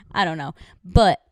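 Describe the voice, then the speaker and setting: A young woman co-hosting a podcast in a casual chat, animated and laughing often, with lots of "like" in her speech. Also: on the low side, no room sound. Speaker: podcast co-host.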